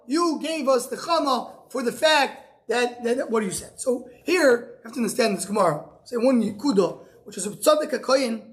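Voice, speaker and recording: In his Talmud class, the rabbi, a man whose voice sits notably high, reads out every line and follows it with a conversational English explanation. Pauses are common, and he tends to echo a word or two before the idea finally comes out.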